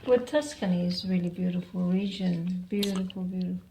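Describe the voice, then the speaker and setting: A woman's voice: lowish voice, brisk, creaky, mellow, slight background noise, rough recording. A woman interviewing a guest in a casual conversation, often encouraging him with short affirmations.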